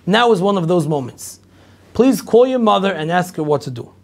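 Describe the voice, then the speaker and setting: A middle-aged rabbi tells a long personal story to an audience, lively and full of repetition. His voice sits high for a man and has a gravelly, creaky edge. He acts out everyone's lines as he goes. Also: moderate pace. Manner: animated storyteller acting out dialogue, repetitive. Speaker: rabbi lecturer.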